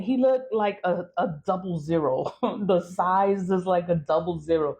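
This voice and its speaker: A woman's voice: fairly low pitch, takes it slowly. A woman talking straight to camera in a blunt, profane warning rant, telling stories with lots of energy. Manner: blunt, profane, animated storytelling. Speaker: vlogger.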